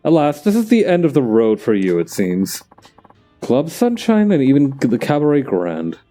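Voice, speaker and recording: A man's voice: medium pitch, wildly swooping pitch, moderate pace, mellow, soft background music. A man voicing a smug, wealthy male rival club owner in a put-on British accent, haughty and theatrical, for a fan dub of a game. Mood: gloating. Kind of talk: fan voice-over of game dialogue.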